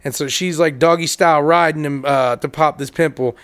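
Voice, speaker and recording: Man, high voice, podcast co-host, crude laughing storyteller. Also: steady tone, brisk, a bit bright, clean tone. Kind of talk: casual storytelling chat.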